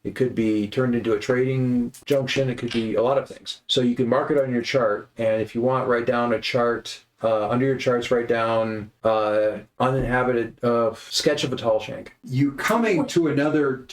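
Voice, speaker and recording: A man's voice: mid-range voice, steady tone, normal speed, hardly any pauses. A man narrating as game master, describing the scene in a rambling way and often restarting his sentences. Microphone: online session audio. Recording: roomy echo.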